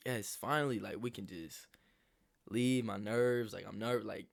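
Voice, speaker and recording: A man's voice: on the low side, a little slow, gravelly. Rambling, profane young man telling a story. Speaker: vlogger. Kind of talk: casual storytime vlog.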